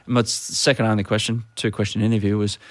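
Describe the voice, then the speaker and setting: A man's voice: lowish voice, little pitch movement, quick pace, dry recording. A middle-aged man who works as a sports commentator, chatting on a podcast and telling anecdotes. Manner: chatty anecdotes with playful impressions. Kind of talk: casual chat.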